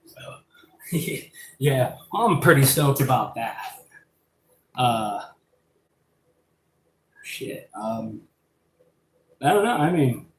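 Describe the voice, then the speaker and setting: A man hosting a casual live stream, rambling and excitable, laughing and swearing as he talks. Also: mid-range voice, slight background noise. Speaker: live-stream host showing his pet invertebrates. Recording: echoey room with faint ambience.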